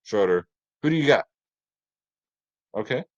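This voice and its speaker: A man's voice: mid-range voice, animated, measured pace, dull audio. A man hosting a casual fantasy sports picks video, upbeat and chatty, talking straight to his viewers.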